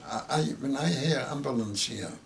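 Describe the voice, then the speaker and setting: Gravelly older man telling a halting story. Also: mid-range voice, a little hiss or hum. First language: Yiddish. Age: 80s. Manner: halting, repeats words, emotional telling. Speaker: interviewee. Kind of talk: oral history interview.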